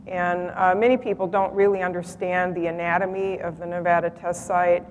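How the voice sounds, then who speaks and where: A woman in her sixties giving a measured public talk to an audience, setting details straight with fillers. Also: on the low side, level tone, muffled recording. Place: lecture hall. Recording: hall reverb with faint noise.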